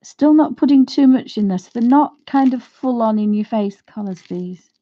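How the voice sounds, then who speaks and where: A woman's voice: on the high side, expressive, normal speed, phone-quality sound. A woman teaching watercolour on a casual live stream, chatting and thinking aloud to her viewers as she paints. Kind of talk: casual live craft demonstration.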